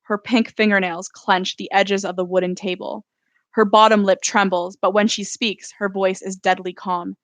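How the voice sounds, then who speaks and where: A woman reads her own novel aloud in an even, steady first-person narration. Her voice sits at a middle pitch, and it is recorded close and dry, as on a live stream from home. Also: normal speed, dry recording. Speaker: author.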